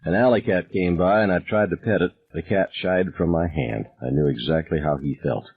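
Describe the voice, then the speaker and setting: A man's voice: low-pitched, normal speed, breathy edge, phone-quality sound. A man narrating a novel in the first person with intense delivery that rises with the tension. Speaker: audiobook narrator.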